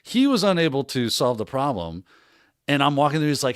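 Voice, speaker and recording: A man hosting a cybersecurity Q&A livestream, telling a story in a casual, animated way and acting out what people said. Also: medium pitch, a little fast, clean tone, no echo, studio quality. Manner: animated, laughing storyteller who acts out quotes.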